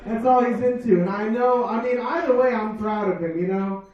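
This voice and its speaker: A man's voice: sits high, moderate pace, muffled recording. A man doing a live stand-up set on a dive bar stage, with brash, profane crowd work. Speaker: stand-up comedian. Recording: echoey bar room from far off.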